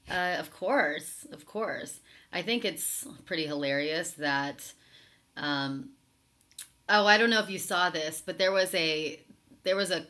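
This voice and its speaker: A woman hosts a live stream in a casual, chatty voice that sits a little low. She reads viewer comments aloud and answers them with sarcastic asides. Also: a bit bright. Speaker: talk show host reading live chat.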